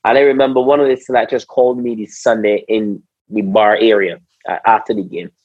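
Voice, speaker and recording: A man from Barbados with a Barbadian accent, a former cricketer telling stories in a casual conversation, animated, slangy and repeating his words. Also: on the low side, a little fast, no room sound, lo-fi sound. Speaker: interview guest, former cricketer.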